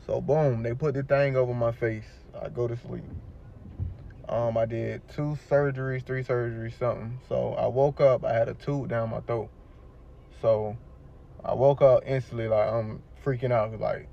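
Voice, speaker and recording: A man recounts his story in casual slang, circling back and repeating lines as he goes. His voice sits at an ordinary pitch. The recording sounds a little dull and lo-fi. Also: measured pace, long pauses. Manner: slangy, rambling, repeats himself.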